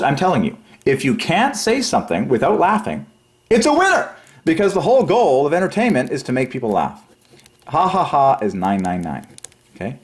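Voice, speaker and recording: A man hosting a religious channel, rambling through a numerology monologue, excitable and giggly, then dropping to low quiet mumbling while he counts. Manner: giggly, excitable, breaks into high laughs. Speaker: religious YouTube channel host.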